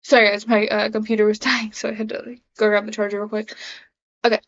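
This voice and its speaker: A woman's voice: medium pitch, level tone, quick pace. A young woman talking casually to camera in a confessional vlog, rambling with many fillers and restarts. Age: young adult. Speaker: vlogger. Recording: dull lo-fi sound.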